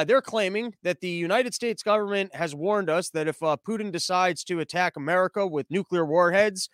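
A man hosting a casual podcast monologue, rambling, profane and animated. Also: high-pitched, no echo. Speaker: podcast host.

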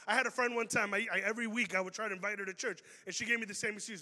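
Guy preaching to teens, high bright voice, big echoey hall. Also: racing, few pauses. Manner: animated, acts out quoted people with humor. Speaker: youth preacher. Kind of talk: sermon. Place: large hall. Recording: long reverb of a big hall.

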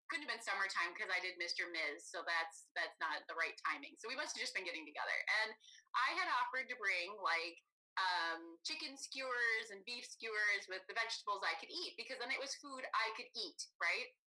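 A woman guest on a podcast, telling a story in a casual, animated way and laughing often. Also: medium pitch, brisk, low-quality recording. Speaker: podcast guest, former competitor.

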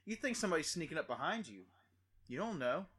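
A young man with a slightly higher voice tells a story in loose casual chat. He rambles and leans heavily on filler words, then jumps into loud, high impressions of the people he is describing. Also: sing-song, fast talker, breathy edge.

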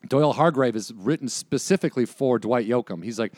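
A man's voice: mid-range voice, fast talker, hardly any pauses, no echo. A man in his forties on a podcast, telling stories with energy and acting out quoted lines. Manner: animated storyteller, acts out quotes. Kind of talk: casual chat.

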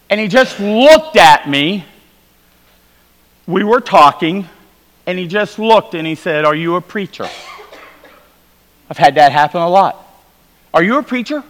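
A man preaching at a revival, telling stories and moving between quiet asides and loud calls to the congregation. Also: on the high side. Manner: storytelling, swings from quiet asides to loud exhortation. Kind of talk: sermon. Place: church sanctuary. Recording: hall reverb.

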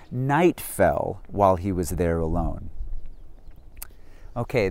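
A man preaching a sermon, reading scripture and then explaining it, sometimes hushed and sometimes loud and emphatic. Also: fairly low pitch, no echo. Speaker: pastor.

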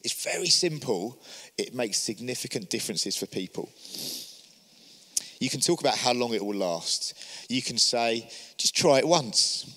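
A man's voice: medium pitch, animated, moderate pace, long pauses, pushed and bright. Earnest encouraging man in a reverberant space. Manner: earnest and encouraging, with many rhetorical questions. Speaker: church leader. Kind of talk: teaching talk on inviting people to church.

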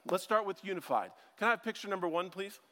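A man's voice: high-pitched, animated, fast talker, sharp tone. A man preaching a casual conversational sermon, chatty and joking, with self-deprecating asides as a ministry school teacher. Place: church sanctuary. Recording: long hall reverb.

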